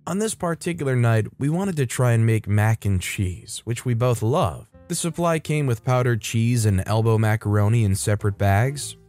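A man reading internet stories aloud as a narrator, in a brisk storytelling delivery. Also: medium pitch, lively intonation, darkish tone, faint music behind.

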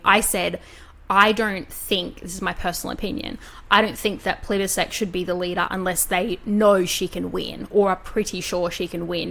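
A woman's voice: lowish voice, creaky, fairly bright tone. Heated woman podcast host. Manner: heated, swears, mimics politicians. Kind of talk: casual podcast chat.

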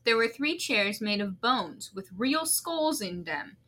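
A woman's voice: fairly high pitch, sing-song, bright, forceful tone. A young woman co-hosting a casual podcast in a dorm room, reading a story aloud with frequent giggles. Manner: giggly, slow deliberate reading.

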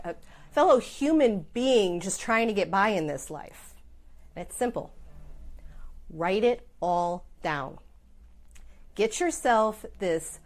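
A middle-aged woman talks straight to her viewers in a casual advice vlog, chatty and self-deprecating. Her voice sits at an ordinary, middle pitch for a woman, and she leans hard on the words she wants to stress. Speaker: small business owner giving advice.

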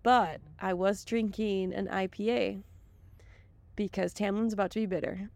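A woman's voice: medium pitch, fairly even intonation, a little slow, gravelly, darkish tone, dry recording. A woman in her thirties from Wisconsin with a Wisconsin accent, co-hosting a casual podcast chat and laughing often. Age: 30s. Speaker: podcast co-host.

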